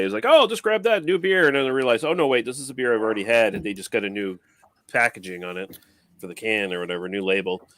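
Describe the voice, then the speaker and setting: Rich: A man with a low voice talking in a flat, deadpan, dry way about a beer he reviewed. He is on a casual panel over a video call. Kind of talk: casual online panel chat.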